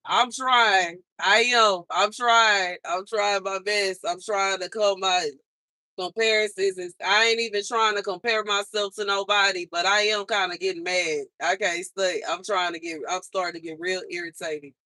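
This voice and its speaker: Young woman, livestream host, bright tense voice, dry close sound, frustrated repetitive venting. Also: medium pitch, fairly even intonation, moderate pace, no room sound.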